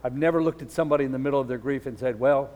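A middle-aged man preaching a sermon as a pastor, telling a story earnestly and dropping low and soft at the sad moments. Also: rapid-fire, long reverb tail, dull audio.

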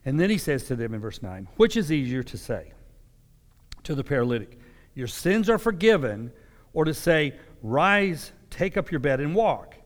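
A man's voice: fairly high pitch, sing-song, moderate pace. A man giving a sermon, reading scripture and explaining it in a conversational preaching manner. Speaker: pastor. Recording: long hall reverb.

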